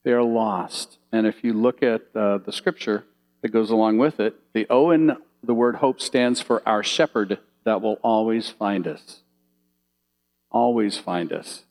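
A man's voice: fairly low pitch, a little slow, creaky, low-quality recording. A man preaching a sermon from slides, telling vivid little stories and asking the audience questions. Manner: animated storytelling, asks the audience questions.

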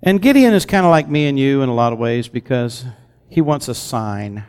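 A man's voice: medium pitch, lively intonation, moderate pace, darkish tone, smooth. Man preaching in a reverberant hall. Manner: preaching with call-and-response questions to the congregation; conversational storytelling. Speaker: pastor. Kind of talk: sermon. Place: church sanctuary. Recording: long reverb from a large hall.

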